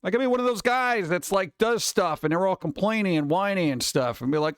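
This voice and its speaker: A man's voice: high voice, expressive, fast talker, few pauses, dry recording, studio quality. A man streaming live, chatting casually and rambling while answering his viewers. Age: adult.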